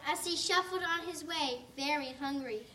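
A woman narrating a storybook in an expressive, lilting reading. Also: sits high, normal speed. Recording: distant mic, faint hiss.

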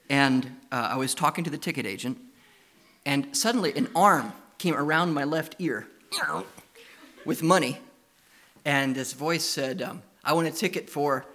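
A man preaching a sermon. He tells lively stories and coaxes the children with questions. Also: fairly high pitch. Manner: lively anecdotal storytelling, coaxing questions to children.

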